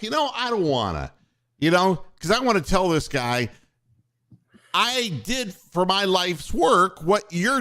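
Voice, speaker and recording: An older man, once a radio station boss and now a podcast host, runs a sports talk show, spinning rambling, profane stories. His voice is slightly high and leaps around through a very lively pitch range.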